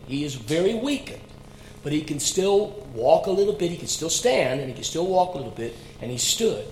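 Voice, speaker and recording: A man, a pastor, telling a heartfelt story earnestly, dropping to a hush and then rising loud. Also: on the high side, big pitch swings, normal speed. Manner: earnest, swinging between hushed and loud. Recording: roomy sound with faint hum.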